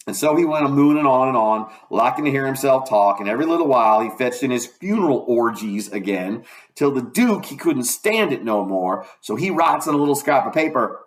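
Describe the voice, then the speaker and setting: A man narrates a novel aloud in a folksy, conversational manner. His voice sits at an ordinary middle pitch. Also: expressive, brisk, poor audio. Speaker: audiobook reader.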